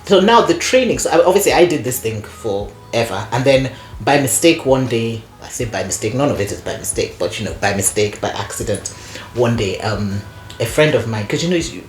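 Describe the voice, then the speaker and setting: A woman guest telling stories in casual conversation, animated and laughing often, with lots of "you know" fillers. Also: extremely low pitch, brisk, faint music behind. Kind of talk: conversational storytelling. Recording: echoey room.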